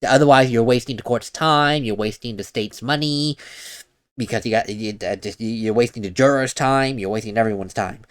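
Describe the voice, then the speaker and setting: A man's voice: medium pitch, normal speed, clean tone. A man hosting a let's play, commenting casually on the game between read lines. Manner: chatty, explains with mock quotes.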